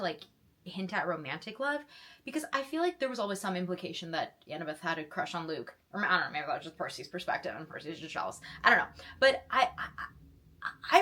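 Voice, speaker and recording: Fairly low-pitched yet fairly bright in tone, this young woman gushes emotionally about the book she's reading in a casual reaction vlog. She keeps interrupting herself and restarting her sentences.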